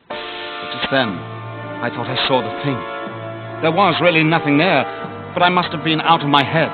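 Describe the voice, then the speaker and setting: A man narrating a storybook on cassette, dramatic, sinking to a hush at the quiet moments. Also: fairly high pitch, normal speed, pauses often. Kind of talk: cassette audiobook reading. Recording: tinny lo-fi cassette with music.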